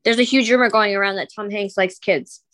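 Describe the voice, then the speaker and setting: A woman's voice: medium pitch, steady tone, a little fast, fairly bright tone, dry recording, studio quality. A woman co-hosting a podcast, chatting casually with blunt, crude reactions. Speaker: podcast co-host. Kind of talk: casual gossip chat.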